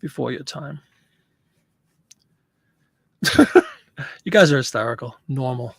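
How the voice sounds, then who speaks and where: A man's voice: mid-range voice, slow, vocal fry, a bit bright, slightly rough, no room sound. A man hosting a live stream, chatting casually and answering viewer comments.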